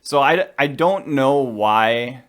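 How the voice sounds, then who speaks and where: A man's voice: medium pitch, expressive. A man co-hosting a podcast, chatting casually and with strong opinions about a film. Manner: chatty, opinionated, quick asides. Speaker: podcast co-host.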